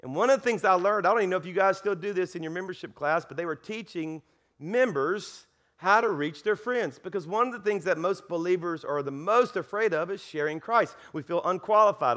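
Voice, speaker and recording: A middle-aged man preaching a sermon as a guest pastor, telling stories with laughs, repetitions and quick restarts. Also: high voice. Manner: animated storytelling with laughs and repeated words.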